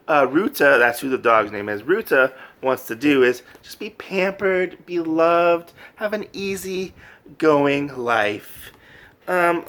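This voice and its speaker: A man casually recapping a manga, animated and full of fillers, laughing often. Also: medium pitch. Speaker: manga reviewer. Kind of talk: casual review chat.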